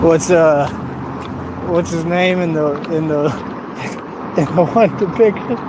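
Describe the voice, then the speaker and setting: A man's voice: a little high, slow pace, long pauses. A man ranting on his livestream, mocking and boastful, and laughing at his own jokes. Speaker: streamer. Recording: noisy background hiss.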